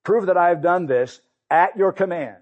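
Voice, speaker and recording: A man's voice: high-pitched, moderate pace, narrow, tinny audio, voice pushed up. Man voicing a bold prophet, emphatic, raised voice, scripture read-aloud. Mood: pleading. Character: bold male prophet challenging a crowd.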